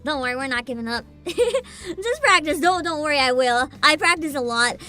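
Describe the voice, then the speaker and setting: A young woman chats with her stream audience in a casual, playful way and keeps breaking into giggles. Her voice sits high and swoops up and down with a lot of life. Soft game music runs faintly behind her. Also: lively intonation, normal speed. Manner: giggly, playful, talks to chat. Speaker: streamer playing a story game. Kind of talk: casual livestream chat.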